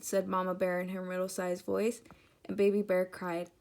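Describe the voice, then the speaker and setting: A woman teacher giving an interactive children's read-aloud, speaking directly and warmly to the kids. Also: fairly low pitch, level tone, moderate pace.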